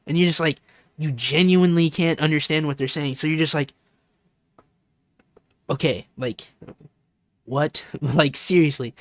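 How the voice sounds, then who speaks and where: A man's voice: on the high side, a bit bright, no echo. A man streaming, talking in a rambling, sincere way, full of "like" and "you know" and repeated phrases. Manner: sincere and open. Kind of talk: casual heartfelt stream talk.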